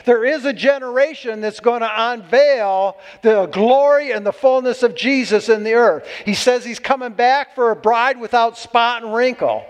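A man's voice: very high-pitched, normal speed, hardly any pauses. A man preaching a sermon to a congregation, exuberant and whooping between points. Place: church hall. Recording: long hall reverb.

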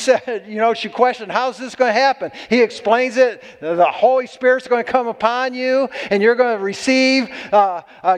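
A man preaching a sermon to a congregation, exuberant and whooping between points. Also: extremely high pitch. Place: church hall. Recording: long hall reverb.

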